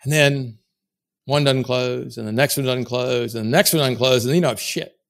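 A man's voice: medium pitch, normal speed, vocal fry. A man coaching salespeople in a blunt, emphatic way, swearing freely as he talks them through prospect meetings. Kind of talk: motivational coaching talk.

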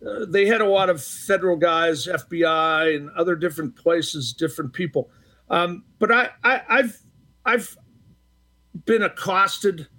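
An older man from the Boston area spins anecdotes in a relaxed interview, voice sitting high for a man. He acts out both sides of old arguments and stumbles through fillers and restarts as he goes. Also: a little slow. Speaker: retired hockey referee, guest. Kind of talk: casual storytelling interview.

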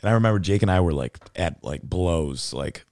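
A man's voice: low voice, expressive, a little fast, a little mellow, dry recording, studio quality. A man hosting a podcast, chatting casually in a rambling way full of "like" and swearing. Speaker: podcast host. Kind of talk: casual chat.

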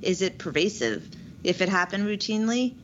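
A woman co-hosting a legal podcast, speaking in a measured way and posing questions to her guests. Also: medium pitch, big pitch swings. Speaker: podcast co-host. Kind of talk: conversational legal podcast discussion. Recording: dull lo-fi audio with faint noise.

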